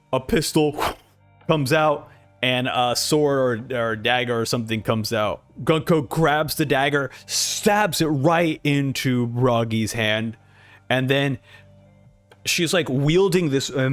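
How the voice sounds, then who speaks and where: A man's voice: medium pitch, no echo. A man hosting a casual manga reaction, narrating panels and acting out the dialogue. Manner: animated, acts out dialogue. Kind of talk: casual commentary.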